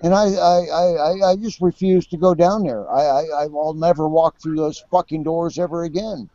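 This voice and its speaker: A bitter, profane man in his fifties with a mellow, dark voice, pitched a little high for a man. He stammers and repeats himself as he talks. The recording is dry and dull, like a lo-fi capture. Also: normal speed, dry recording, faint music behind. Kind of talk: casual chat.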